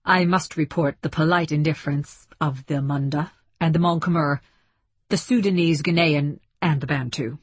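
A woman voicing a courteous male scholar who talks in a formal, measured way. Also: deep voice, breathy edge, dry recording. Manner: formal, polite.

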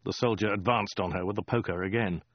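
A man narrating a comic story in a dry, deadpan way. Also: lowish voice, fast, no room sound, dull audio. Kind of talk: audiobook reading.

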